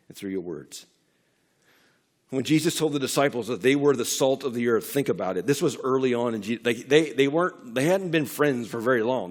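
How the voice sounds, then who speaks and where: A middle-aged man preaching a sermon in a church, talking conversationally with frequent restarts and building to emphatic peaks. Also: mid-range voice. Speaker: pastor. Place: church sanctuary.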